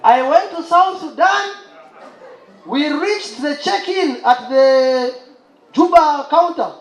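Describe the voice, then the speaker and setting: A man doing a lively stand-up set, telling a story and bursting into exclamations. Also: extremely high pitch, slow, some chatter behind. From Uganda. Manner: animated storyteller, exclaims and imitates laughter. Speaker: stand-up comedian. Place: live comedy show stage. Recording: roomy live venue with audience.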